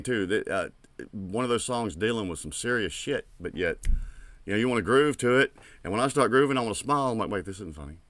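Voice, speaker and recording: Rambling low-voiced man reacting to music. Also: dry recording. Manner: rambling, animated, swears casually. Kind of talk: casual reaction commentary.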